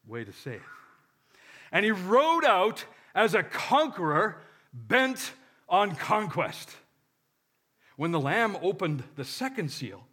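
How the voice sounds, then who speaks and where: A man's voice: high voice, bright, forceful tone. A man preaching a sermon, reading scripture with joking asides and leading the congregation in call-and-response. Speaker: pastor.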